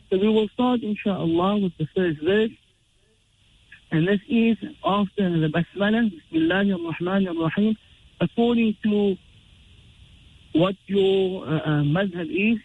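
A man teaching Quran recitation rules, explaining slowly and chanting drawn-out example verses. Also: sits high, gravelly, a little hiss or hum. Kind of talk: tajweed lesson with recited examples. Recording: tinny phone-like radio sound.

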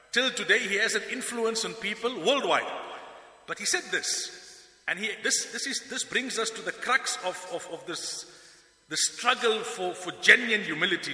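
A man giving a sermon as a preacher, telling stories with animation and acting out the people he quotes. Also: high voice. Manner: animated storytelling, acts out quoted speakers. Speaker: Islamic preacher. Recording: echoey hall with long reverb.

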